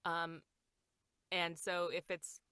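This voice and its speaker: Woman guest, bright clear voice, slightly low, dry close sound, chatty and laughing. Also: monotone, slow pace, no room sound. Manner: chatty, laughs often, acts out quotes. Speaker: voice actor guest. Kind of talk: casual podcast chat.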